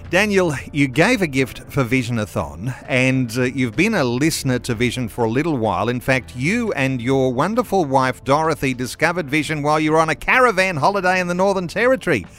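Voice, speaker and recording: A man's voice: medium pitch, animated, fairly quick, hardly any pauses, a bit bright, faint music behind. A man hosting a radio interview and encouraging his caller. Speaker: radio host.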